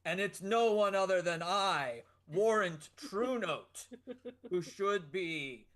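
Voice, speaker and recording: A man's voice: high voice, animated, takes it slowly, full character voice. A man voicing a muscular, boastful minstrel who speaks boldly. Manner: bold, loud and proud. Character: buff boastful male minstrel.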